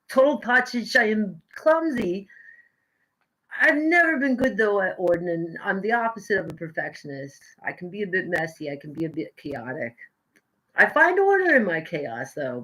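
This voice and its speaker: The recording is low quality, and the voice is a medium-pitched one belonging to a young woman from the US. She is a live streamer painting at home and chatting casually with her viewers, rambling and self-mocking as she shifts between loud bursts and mutters.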